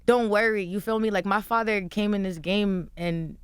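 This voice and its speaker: Guest: young woman, smooth clear tone, lively story-telling, dry close studio mic. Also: mid-range voice, normal speed, dry recording. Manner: animated storytelling, acting out quotes. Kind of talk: casual interview chat. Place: radio studio. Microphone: studio microphone.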